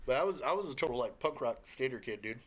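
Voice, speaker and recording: A man's voice: medium pitch, animated, fast talker, fairly bright tone. A man co-hosting a casual live stream, joking and bantering playfully. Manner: playful, jokey, slips into mock accents. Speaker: co-host.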